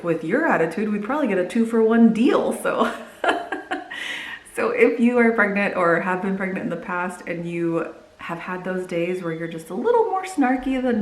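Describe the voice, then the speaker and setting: A young woman vlogger chatting casually to camera, telling stories in a lively way. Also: medium pitch. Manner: chatty storytelling, lively when quoting. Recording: echoey room.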